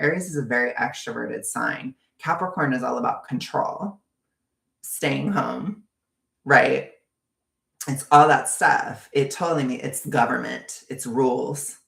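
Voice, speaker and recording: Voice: mid-range voice, vocal fry, a bit bright, roomy sound. A vlogger ranting in a casual, profane, exasperated way.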